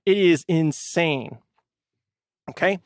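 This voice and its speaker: Excitable man co-hosting a film podcast. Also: fairly high pitch, takes it slowly, no room sound, clean studio sound. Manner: excitable, swears freely. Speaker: podcast co-host. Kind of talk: casual movie review chat.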